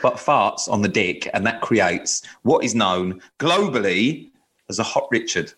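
A man's voice: on the low side, animated, unhurried, a bit bright. A man co-hosting a podcast in casual banter, cheeky and self-mocking, swearing and laughing often. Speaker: podcast co-host.

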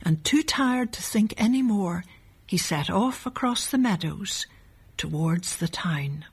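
A woman narrating a children's storybook in a gentle, measured way. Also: fairly low pitch, expressive, breathy edge.

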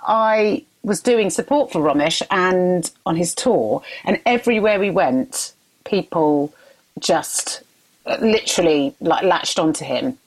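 A woman's voice: lowish voice, lively intonation, a little slow, slightly rough, low-quality recording. A woman with a British accent, a comedian chatting frankly on a podcast. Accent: British English. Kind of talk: casual podcast chat.

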